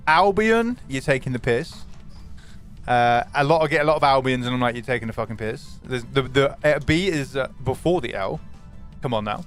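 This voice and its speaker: A man streaming a game live, commenting animatedly, swearing and greeting his chat. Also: a little high.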